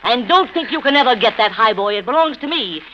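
An actress playing a bitter, sharp-tongued woman who mocks her family in an old radio drama. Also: a little high, animated, fast talker, close to an everyday voice. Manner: scornful and biting, sugary when coaxing. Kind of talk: 1930s radio drama acting. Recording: dull old radio recording with faint hiss.

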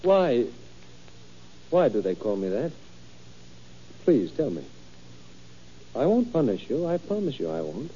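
A timid, stammering old schoolteacher. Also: male voice, mid-range voice, sing-song, a little slow, long pauses, dark tone. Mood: anxious. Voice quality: hesitant, stammering, mild-mannered. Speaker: teacher. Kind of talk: 1940s radio acting. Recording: dull old radio recording, faint music.

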